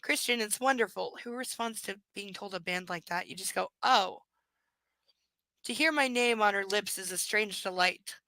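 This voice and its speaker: Bright-voiced woman reading with wry asides. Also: medium pitch, brisk, hardly any pauses, no echo, rough recording. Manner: wry, sarcastic asides between read passages. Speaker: reader and host. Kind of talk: live reading of a novel with commentary.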